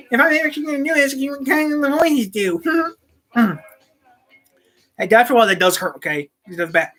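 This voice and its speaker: A woman's voice: sits high, fairly quick, a bit bright, soft background music. A woman hosting her own channel, chatting casually at home and restarting her sentences often. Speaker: channel host. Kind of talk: rambling casual talk to camera. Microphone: desk microphone.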